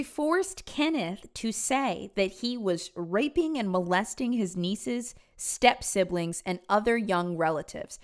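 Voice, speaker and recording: A woman's voice: medium pitch, animated, slow pace. A woman hosting a true crime show, telling the story in an emphatic, conversational and opinionated way. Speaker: host.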